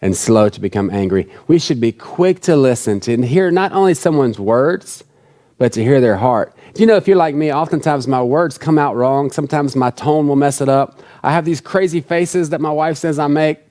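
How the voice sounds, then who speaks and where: A man's voice: fairly high pitch, normal speed, warm tone. A man preaching a sermon in an earnest, conversational way, repeating key phrases for emphasis. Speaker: pastor.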